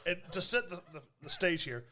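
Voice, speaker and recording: A man's voice: sits high, lively intonation, pushed and bright. A man on a casual movie review podcast who chimes in with trivia and chuckles. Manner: quick, chuckling, eager to add trivia. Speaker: podcast co-host.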